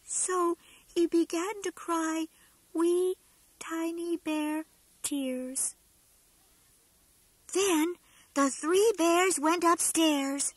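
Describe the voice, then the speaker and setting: A woman voicing a cheerful toy bear storyteller, reading a storybook tale in a slow, sing-song, emphatic way. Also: very high-pitched, steady tone, no room sound, full character voice. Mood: gentle, storytelling. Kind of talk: scripted storybook narration.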